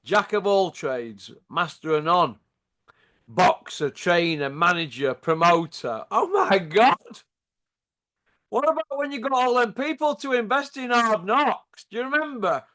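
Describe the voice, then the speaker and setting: A man's voice: sits high, very animated, a little slow, sharp tone. A man with a Yorkshire accent delivering a sarcastic, taunting rant to camera, full of rhetorical tag questions. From Yorkshire, England. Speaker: channel host.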